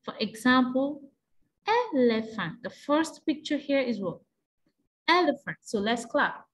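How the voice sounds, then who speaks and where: A woman's voice: sits high, animated, a little slow, fairly bright tone. A woman teacher taking young pupils through an exam revision lesson, asking patient prompting questions in a sing-song way.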